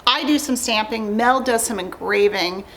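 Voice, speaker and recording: A woman's voice: a little high, normal speed, fairly bright tone, slight background noise, rough recording. A woman who owns a craft shop, hosting a casual livestream demonstration in a chatty, upbeat way and laughing often.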